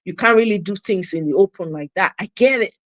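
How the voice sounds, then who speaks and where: A woman with a Nigerian accent hosts a live political commentary show, ranting passionately and slipping Pidgin into her English. Her medium-pitched voice moves a little fast, with no echo.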